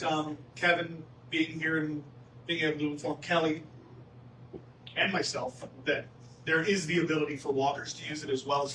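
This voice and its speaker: A man's voice: a little high, a bit bright. A man presenting golf club updates at a town hall meeting, casual and joking with the audience. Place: meeting room. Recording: echoey room, distant mic, faint noise.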